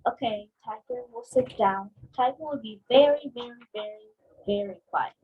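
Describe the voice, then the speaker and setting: A woman reading aloud voices a playful male tiger from a storybook, whispering and then asking excited questions. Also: on the high side, measured pace, breathy edge, muffled recording. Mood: hushed promise. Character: playful male tiger, mischievous but eager to please.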